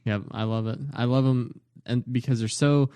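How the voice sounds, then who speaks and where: A man's voice: mid-range voice, steady tone, normal speed, dark tone, smooth, no room sound. A man from Indiana with a Southern Indiana accent, co-hosting a podcast in a casual, laughing way. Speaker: podcast co-host.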